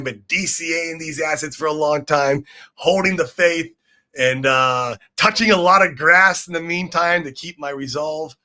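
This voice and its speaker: Bright-voiced hyped man streaming. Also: medium pitch. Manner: hyped, swearing, greets chat viewers. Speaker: livestream host. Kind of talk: casual crypto livestream chat. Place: room in Shanghai.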